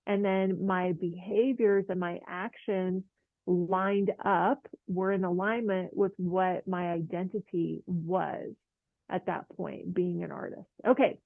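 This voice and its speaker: A woman who teaches oil painting gives a casual motivational talk to camera, chatty and encouraging, full of fillers and light laughs. Her voice is lowish and steady, with a slow pace and vocal fry. The audio is dry, narrow and tinny.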